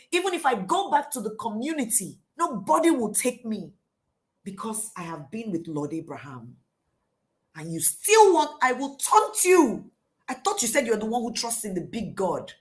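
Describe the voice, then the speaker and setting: A woman voicing a desperate young servant girl, pleading and near tears. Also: a little high.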